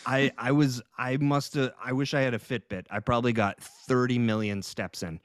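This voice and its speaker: A man's voice: mid-range voice, fairly even intonation, normal speed, no room sound, studio quality. A man co-hosting a podcast, telling a story with lots of laughter and acting out his own quoted lines. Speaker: podcast co-host. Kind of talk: casual anecdote telling.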